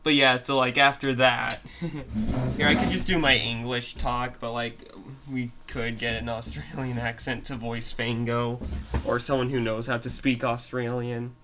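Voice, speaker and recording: Slow, halting young male storyteller. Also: mid-range voice, level tone, background noise. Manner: halting, full of fillers and restarts, giggly. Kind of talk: unscripted story retelling.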